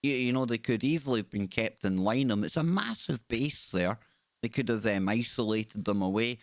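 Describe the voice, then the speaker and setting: A chatty man hosting a live call-in radio show, talking with upbeat energy and repeating his words as he urges listeners to phone in. His voice has a mid-range pitch and sits close and dry, with no room sound around it. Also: animated, normal speed, no room sound.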